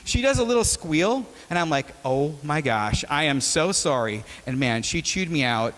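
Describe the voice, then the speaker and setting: A man's voice: a little high, moderate pace. A man in his forties from Wisconsin, giving a casual, joking sermon as a guest speaker and telling stories. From Wisconsin, USA. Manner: joking, conversational, animated storyteller. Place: chapel hall. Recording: long reverb of a large hall.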